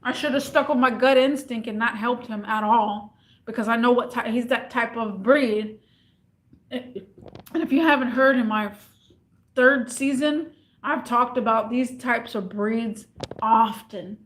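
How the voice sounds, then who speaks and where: A woman with a high voice tells a work story in a casual vlog. She rambles and repeats lines, acting out each part as she goes. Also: measured pace. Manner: rambling and repetitive, animated retelling. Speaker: retail worker.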